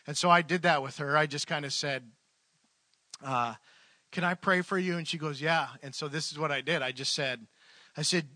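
A man's voice: a little high, moderate pace, sharp tone, no room sound. A man preaching a sermon, telling a story conversationally with fillers, then leading a prayer. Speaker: pastor. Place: church service.

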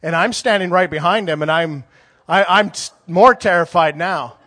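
A man in his forties preaches in a loose, conversational storytelling style. His voice sits a little high for a man. He restarts and circles back often as he talks. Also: normal speed, pushed and bright. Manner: conversational, rambling with many restarts. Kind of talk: sermon storytelling.

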